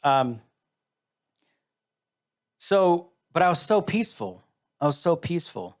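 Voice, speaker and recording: A man's voice: a little high, sing-song, takes it slowly. A middle-aged man from the United States, a musician guest telling a personal story in a live interview, candid and wry, acting out the voices he quotes.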